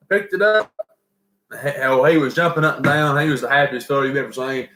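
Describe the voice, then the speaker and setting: A man with a Southern accent co-hosts a live stream, speaking a little fast at medium pitch. He's animated and folksy, telling stories and laughing often in casual chat, with a roomy echo on the recording.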